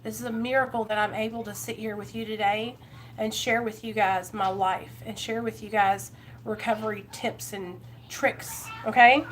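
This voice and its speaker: A woman's voice: on the high side, steady tone, moderate pace, fairly bright tone, a little hiss or hum. A woman from Ohio talking on a live recovery vlog, earnest and encouraging, speaking straight to her viewers and greeting them by name. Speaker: recovery vlogger. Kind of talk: casual live-stream chat.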